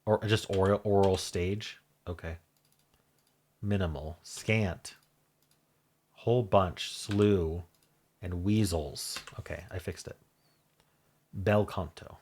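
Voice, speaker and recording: A man thinking aloud as he solves a crossword, muttering in halting self-talk with half-voiced asides. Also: deep voice, a little mellow, husky. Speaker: crossword solving channel host. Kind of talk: thinking aloud while solving a puzzle.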